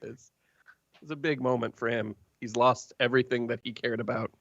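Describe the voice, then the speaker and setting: A man narrating as game master of a tabletop game, in an unhurried, halting way full of fillers. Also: medium pitch, fairly even intonation, fairly bright tone. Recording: dull, dry lo-fi stream audio.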